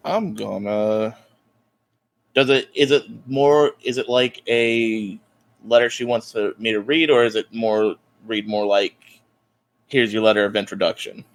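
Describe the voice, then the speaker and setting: A man's voice: medium pitch, steady tone, measured pace. A man playing a tabletop game, asking hesitant questions from off the microphone. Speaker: player. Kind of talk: casual table talk.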